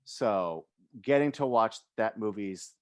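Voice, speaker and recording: A man hosting a casual chat about a horror film, telling stories in a relaxed, wry way with acted-out bits. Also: fairly low pitch, slow pace. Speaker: host.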